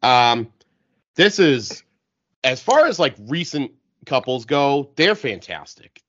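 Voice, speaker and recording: A man with the hiccups chatting casually on a podcast panel, enthusiastic and halting, with lots of filler words. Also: mid-range voice, big pitch swings, fairly bright tone. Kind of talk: casual chat. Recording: dull lo-fi audio.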